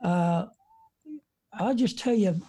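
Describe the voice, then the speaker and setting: An American evangelist preacher in his seventies tells stories from his front porch during an interview. His voice is high, warm and slightly breathy, and he speaks slowly in a folksy, rambling way with many fillers.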